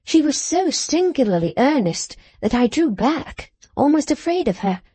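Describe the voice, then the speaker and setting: A woman's voice: high voice, big pitch swings, mellow, dry recording. Composed female audiobook narrator. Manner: measured, composed storytelling. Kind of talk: scripted narration of a classic novel.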